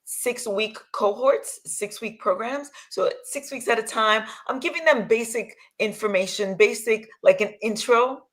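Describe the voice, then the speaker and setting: A woman's voice: on the high side, measured pace, hardly any pauses. Enthusiastic woman coach from New York. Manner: energetic, enthusiastic, casual. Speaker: health and nutrition coach, guest. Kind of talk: conversational interview.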